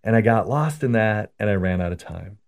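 A man voicing a devout older grandmother who is upset over her prayers, in a high, breathy, emotional voice. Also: lively intonation, brisk. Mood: rapt.

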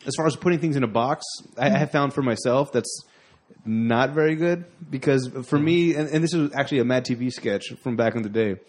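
A man's voice: mid-range voice, fairly quick, darkish tone. A man co-hosting a casual chat who agrees readily, laughs easily and retells stories with some animation. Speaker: podcast co-host.

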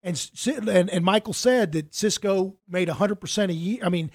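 A man's voice: high-pitched, a little fast. A middle-aged man, a financial advisor, telling a story in casual conversation, rambling with many restarts and acting out quoted dialogue.

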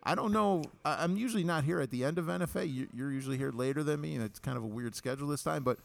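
Male podcast co-host with a gravelly, creaky voice; loose, stumbling, joking delivery. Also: on the high side, very fast. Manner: laughs often, repeats words when starting sentences. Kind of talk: casual chat.

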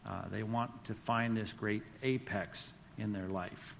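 Taking it slowly in a fairly low, creaky, steady voice, a Bible teacher leads a church class with slides, conversational and emphatic as he reads quotes aloud. The recording carries a hall's long reverb and slight background noise.

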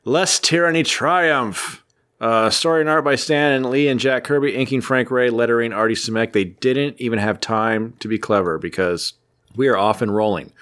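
A man's voice: mid-range voice, moderate pace, a bit bright, smooth. Man, podcast co-host, casual comic recap, jokey, rambling.

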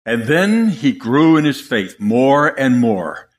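A man preaching a sermon, moving between loud emphasis and hushed asides. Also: mid-range voice, big pitch swings, slow.

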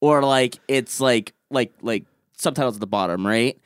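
A man's voice: mid-range voice, moderate pace, clean tone, no room sound. Man making a point, dry sound. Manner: reasoning, makes counterpoints. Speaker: podcast co-host. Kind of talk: casual movie discussion.

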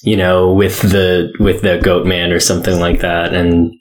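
A man in a casual podcast chat, relaxed and quick to laugh. His voice sits fairly low. He adds playful asides as he talks. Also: noisy background. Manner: relaxed, jokey, laughs often. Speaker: podcast co-host.

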